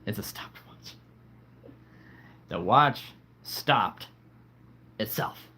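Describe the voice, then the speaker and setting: A man's voice: on the low side, lively intonation, very slow, bright, forceful tone, slightly rough. A man hosting a casual livestream, chatting playfully with viewers and laughing at his own jokes. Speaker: livestream host.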